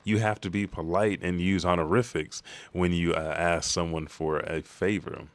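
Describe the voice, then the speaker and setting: Strict formal lady knight read by a man in his own low voice, scolding tone. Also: fairly even intonation, moderate pace, no echo. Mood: stern. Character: stern, proper young woman knight.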